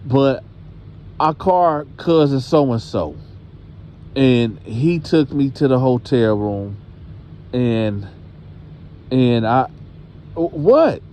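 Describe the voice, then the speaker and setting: A man's voice: medium pitch, expressive, extremely slow, pauses often, dark tone, a little hiss or hum. A man voicing a frightened young daughter who stammers and hesitates. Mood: ashamed.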